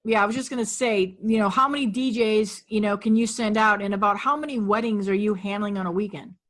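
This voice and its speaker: A woman's voice: mid-range voice, fairly even intonation, fairly quick, fairly bright tone. Upbeat woman podcast host. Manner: upbeat, speaks to listeners directly. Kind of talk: casual interview hosting.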